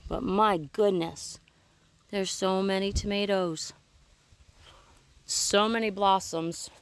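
A woman's voice: mid-range voice, fairly even intonation, takes it slowly, clear, resonant tone. A woman giving a casual, rambling tour of her vegetable garden outdoors, filming it herself and correcting herself as she talks. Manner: chatty, rambling, self-correcting. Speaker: homesteading vlogger. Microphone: handheld camera she films herself.

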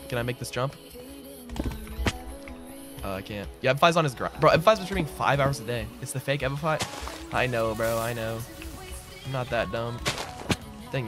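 A man's voice: mid-range voice, normal speed, long pauses. A man streaming a game, chatting casually and answering his viewers as he plays, often calling them "bro". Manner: relaxed, answers chat aloud, says "bro" a lot. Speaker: streamer and server owner. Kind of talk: casual livestream chatter while gaming. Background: background music.

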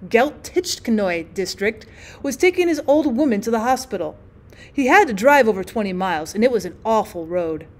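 A woman's voice: a little high, a little mellow. A woman teacher narrating a classic short story as an audiobook reading.

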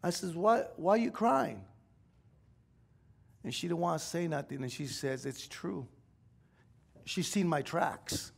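Gravelly-voiced man preaching a heartfelt testimony. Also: a little high, lively intonation, a little slow, long pauses. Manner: emotional, confessional storytelling that swells to shouting. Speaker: pastor. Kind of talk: sermon testimony. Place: church sanctuary.

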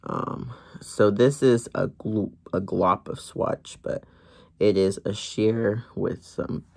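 A brand owner showing off lip glosses in a relaxed vlog, filmed in a corner of their home, with plenty of ums and gentle asides. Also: low voice, slow pace, gravelly. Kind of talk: product showcase vlog.

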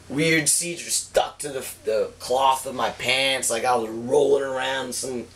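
Man, middle pitch, casual profane storyteller, rambling and animated; slightly distant mic. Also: gravelly. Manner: rambling, heavy swearing, animated retelling. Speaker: cigar reviewer telling a story.

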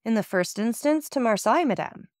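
A woman reading the lines of a composed, persuasive nobleman in an audiobook, courteous and measured. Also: fairly high pitch, lively intonation, no echo, studio quality, voice pushed up, natural voice.

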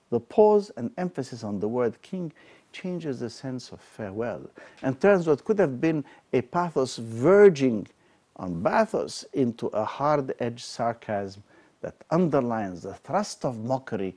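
A male lecturer reads a prepared literary talk. He speaks very slowly and with measured emphasis, in a middle-pitched voice. His delivery is steady and thoughtful. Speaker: lecturer on Shakespeare.

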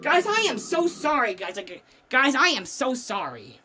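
A woman's voice: high voice, big pitch swings, unhurried, bright, forceful tone, distant mic, faint music behind. A woman giving frantic, swear-filled gameplay commentary, repeating "bro" constantly. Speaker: gamer.

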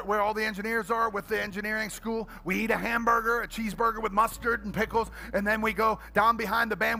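A middle-aged pastor preaching an energetic sermon, telling comic stories and swinging between quiet asides and loud shouting. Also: male voice, high voice, gravelly.

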